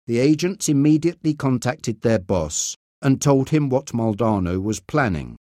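A man reading a story aloud in a clear, expressive audiobook style. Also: mid-range voice, normal speed, few pauses, dry recording, studio quality. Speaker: narrator.

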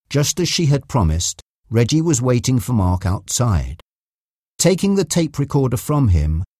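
A man narrating a chapter of an audiobook in a steady storytelling manner. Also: medium pitch, no echo, studio quality. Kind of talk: scripted narration.

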